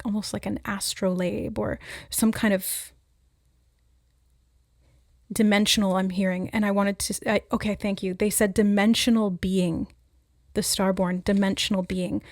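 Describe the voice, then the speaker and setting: A woman giving a spontaneous spiritual reading, musing aloud with hesitant pauses as she relays what she senses. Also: mid-range voice, steady tone, darkish tone, no echo, clean studio sound. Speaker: intuitive oracle reader.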